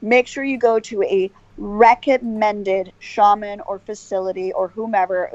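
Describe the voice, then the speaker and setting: A woman's voice: medium pitch, a little mellow, dry recording. Earnest rambling woman guest, dry lo-fi sound. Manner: earnest, rambling, many restarts and fillers. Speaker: podcast guest. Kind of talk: casual interview chat.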